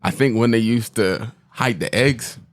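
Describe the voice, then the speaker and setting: A man co-hosting a casual podcast, speaking in a relaxed, reflective, slightly halting way. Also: mid-range voice, dry recording, clean studio sound. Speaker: podcast co-host.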